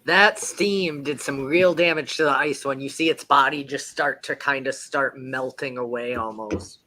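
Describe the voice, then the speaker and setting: Bright-voiced man running a tabletop game. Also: mid-range voice, normal speed. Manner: casual, checks rules aloud. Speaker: game master.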